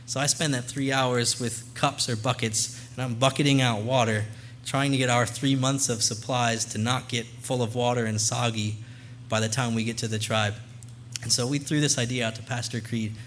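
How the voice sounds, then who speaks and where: A man's voice: medium pitch, fairly even intonation, moderate pace, a bit bright, slight background noise. A young man speaking as a missionary guest to a church congregation, earnest and conversational, into a microphone. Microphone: handheld or stand mic.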